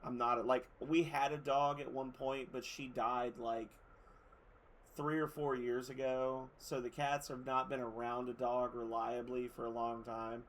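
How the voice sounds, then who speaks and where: A man's voice: medium pitch, little pitch movement, a little slow, a little hiss or hum. A man streaming a game in casual chat, rambling through stories, swearing and laughing as he goes.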